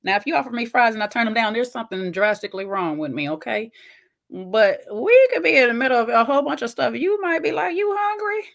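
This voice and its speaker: A woman's voice: fairly high pitch, expressive, fast talker, vocal fry, a bit bright. A woman hosting a reaction video, giving sassy, emphatic commentary and talking straight to the viewer. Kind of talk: casual commentary reacting to a clip.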